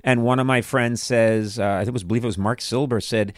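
A man in his sixties hosts a live comedy podcast in a mid-pitched voice. He riffs and jokes loosely and pokes fun at himself. His delivery is relaxed and conversational. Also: fast talker, no echo, studio quality. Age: 60s. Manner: joking, self-mocking and riffing. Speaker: podcast host. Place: live show on a stage.

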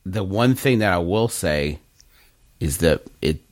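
A man's voice: sits low, lively intonation, unhurried, no echo, clean studio sound. A man co-hosting a comedy podcast, reading a listener question and spinning absurd scenarios in loose, rambling banter. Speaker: podcast co-host.

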